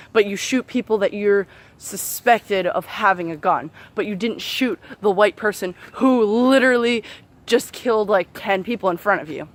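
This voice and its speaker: A young woman ranting heatedly to camera as a vlogger, profane and sarcastic, with many fillers. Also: mid-range voice. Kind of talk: angry unscripted rant to camera.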